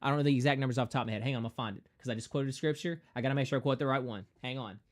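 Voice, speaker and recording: A man streaming a game, talking casually and emphatically, preaching in a lively, animated way and slipping into mocking voices. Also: medium pitch, racing.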